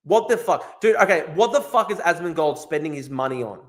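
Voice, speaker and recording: Male streamer host, foul-mouthed and incredulous, fairly high voice with big swings in pitch. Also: expressive, a little fast, fairly bright tone. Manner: profane, incredulous, repeats himself. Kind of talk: casual livestream rant.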